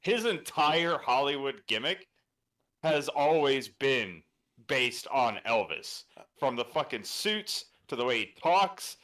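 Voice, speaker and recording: A man's voice: mid-range voice, expressive, slow, fairly bright tone. Blunt, profane man in casual chat. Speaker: podcast co-host.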